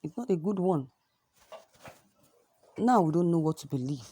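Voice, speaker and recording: Husky, mellow news commentator. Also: medium pitch, expressive, normal speed. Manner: emphatic, repeats points with restarts. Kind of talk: news reading, then opinionated commentary.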